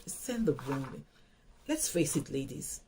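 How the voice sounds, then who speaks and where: A woman giving casual advice on love, animated and emphatic, often repeating herself. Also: extremely low pitch, measured pace, slight background noise, poor audio. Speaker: host.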